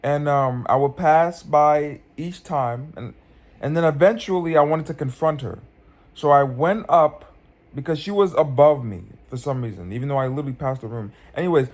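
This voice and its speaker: Young male vlogger, slightly high voice, rambling dream storyteller on a phone mic. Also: moderate pace. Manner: rambling, many restarts and fillers.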